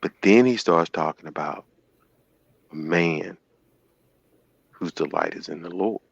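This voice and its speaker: A man hosting a call-in show, retelling a story in an animated, sermon-like way and acting out the quotes. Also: low voice, unhurried, vocal fry, slightly rough, dry recording, highs cut off.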